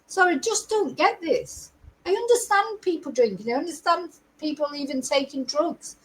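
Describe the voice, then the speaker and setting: A woman's voice: high-pitched, lively intonation, moderate pace, low-quality recording. A middle-aged woman giving chatty, exasperated livestream commentary as a true crime host. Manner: chatty, exasperated, laughs between remarks.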